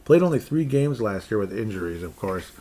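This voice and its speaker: This solo sports podcast host covers player contracts in a rambling, jokey manner, sometimes toying with his voice. His voice is lowish and warm, very animated and fairly quick, with a little hiss or hum in the background.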